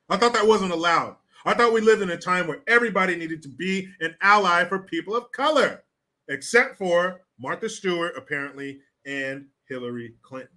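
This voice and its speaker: Male livestream host, blunt and mocking, bright forceful tone, slightly higher voice. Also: animated, brisk. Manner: sarcastic, blunt, swears freely. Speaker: political commentary host. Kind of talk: casual political commentary livestream.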